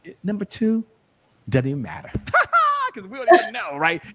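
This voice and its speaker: A man speaking as an interview guest, telling animated stories and giving motivational encouragement in a conversational style. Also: high-pitched, normal speed, breathy edge. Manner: animated storyteller, preachy encouragement. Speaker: guest, show host and sales coach.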